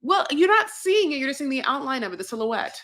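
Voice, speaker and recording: A woman's voice: high voice, big pitch swings, quick pace, fairly bright tone. A woman co-hosting a casual recap podcast, rambling and bawdy with lots of fillers. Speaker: podcast co-host.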